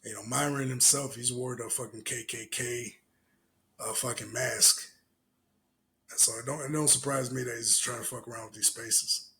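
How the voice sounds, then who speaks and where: A man's voice: medium pitch, fairly even intonation, moderate pace, vocal fry, bright, forceful tone, slight background noise. A man hosting a podcast, giving loose, profane, laughing reaction commentary on clips. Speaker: podcast host.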